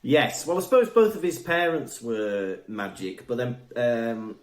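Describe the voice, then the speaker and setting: Lively, giggly man in an echoey room. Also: medium pitch, unhurried. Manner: giggly, jokey, animated. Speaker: podcast co-host. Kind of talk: casual chat.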